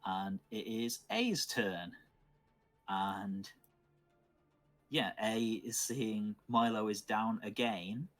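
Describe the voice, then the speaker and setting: A man acting as dungeon master, calmly narrating dice rolls and the action of a tabletop game. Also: fairly low pitch, very slow, pauses often.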